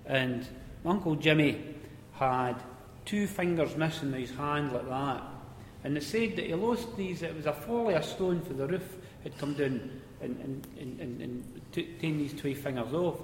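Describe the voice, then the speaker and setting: A man with a Scottish accent telling an old mining anecdote in a relaxed, conversational way. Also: on the high side, moderate pace, few pauses, slight background noise. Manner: conversational, relaxed, repeats words as he goes. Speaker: storyteller. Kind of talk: spoken anecdote of mining days. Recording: echoey hall with faint ambience.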